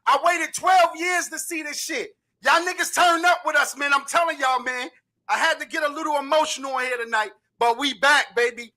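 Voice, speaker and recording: A man's voice: very high voice, steady tone, moderate pace, pushed and bright. A man hosting a podcast in casual, profane chat, hyped up as a sports fan. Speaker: podcast host.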